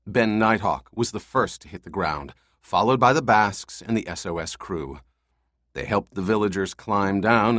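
A man narrating an audiobook in a measured, steady way. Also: on the low side, dry recording, clean studio sound. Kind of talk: scripted narration.

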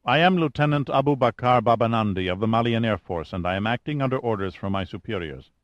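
A man's voice: mid-range voice, animated, fast talker, no echo, dull audio, close to an everyday voice. A man voicing a tense, cold military pilot who speaks in a curt, formal and dogged way.

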